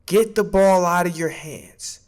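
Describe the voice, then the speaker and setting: A man's voice: sits high, measured pace. A man streaming a casual sports opinion rant, emphatic and profane, stammering when he gets worked up.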